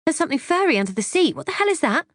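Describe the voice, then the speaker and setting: A woman voicing a shrill woman in her thirties, explosive and accusing, in audiobook dialogue. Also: big pitch swings, fast talker, no echo. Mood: feigned alarm. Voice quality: shrill, high-pitched. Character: woman in her 30s, shrill, feigning shock and outrage.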